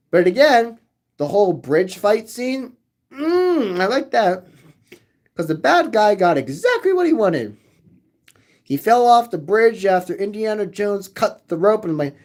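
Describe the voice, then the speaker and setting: Unhurried and darkish in tone, his high-pitched voice swings widely as he hosts a livestream. He rambles while reading chat to viewers, repeating phrases over and over in sing-song fashion.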